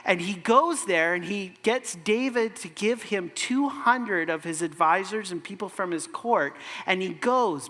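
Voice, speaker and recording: A pastor delivers a sermon in a church sanctuary, talking in a conversational, animated way with asides to the room. His voice is bright and forceful, and it carries a long hall echo. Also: high voice, a little slow, hardly any pauses.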